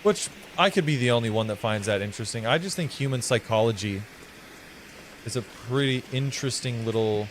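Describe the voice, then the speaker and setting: Man, mild southern accent, game streamer, rambling, profane, playful, mid pitch, faint background noise. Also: fairly quick, poor audio. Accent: mild American Southern, partly flattened. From American South. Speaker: live streamer. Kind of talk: casual gameplay commentary.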